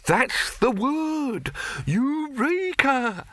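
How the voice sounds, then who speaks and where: A man's voice: very high-pitched, very animated, extremely slow, a bit bright, no echo, pitched above the performer's own voice, full character voice. A man voicing a soot-blackened male alchemist who sounds half-concussed, perplexed and rambling, repeating himself. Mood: dazed.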